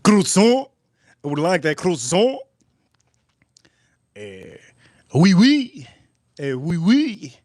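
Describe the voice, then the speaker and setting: A clueless restaurant customer, put on by a man, who fakes a French accent with a hammy drawn-out "eh". The voice sits higher than usual and sounds close and dry. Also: sing-song, a bit bright, no echo, full character voice. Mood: mock-French.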